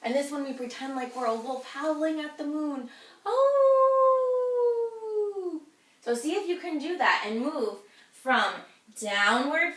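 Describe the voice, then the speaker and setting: A woman's voice: high-pitched, a bit bright. A woman guiding a children's yoga class, cheerful and encouraging as she talks the kids through each pose. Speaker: kids' yoga instructor. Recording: echoey room, voice from a distance.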